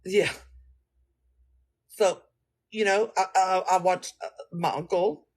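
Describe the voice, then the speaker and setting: Talking slowly with a voice that sits high, a man addresses his listeners directly in a casual chat, spinning an animated story loaded with slang and tangents.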